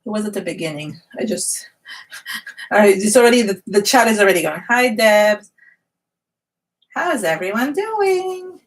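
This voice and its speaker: A woman hosting a live art journaling class, chatting excitedly and greeting viewers one by one. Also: medium pitch, unhurried, long pauses, distant mic.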